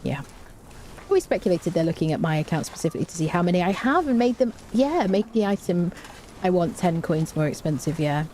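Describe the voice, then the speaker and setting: A woman chats her way through a live game stream in a fairly low, warm and mellow voice. She reads out viewer messages and hums to herself while crafting, over a faint background hiss. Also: lively intonation, brisk. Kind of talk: casual live-stream gameplay chat.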